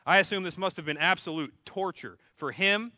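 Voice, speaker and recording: Casting: a male pastor with a high, bright voice, casual humorous sermon delivery. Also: brisk, dry recording. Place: church.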